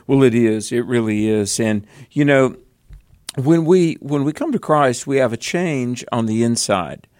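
Southern male co-host, Bible teacher, earnest with emphatic bursts, mid pitch, dry studio sound. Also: animated, unhurried, a little mellow, no echo. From American South.

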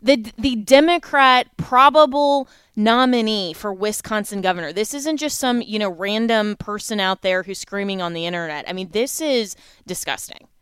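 Smooth-voiced woman hosting a talk show. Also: medium pitch, normal speed, hardly any pauses, dry recording, studio quality.

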